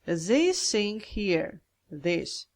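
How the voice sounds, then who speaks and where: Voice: mid-range voice, very animated, drawn-out words. A grammar teacher explaining a lesson step by step, thinking aloud and addressing the viewers directly. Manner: methodical, talks through each step aloud, addresses viewers as guys.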